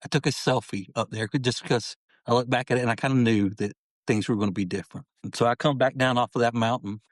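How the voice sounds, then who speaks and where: A man's voice: medium pitch, fairly even intonation, fast talker, dry recording. A middle-aged man telling his life story as a podcast guest, earnest and heartfelt, often saying "man" as he talks. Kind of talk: personal storytelling in an interview.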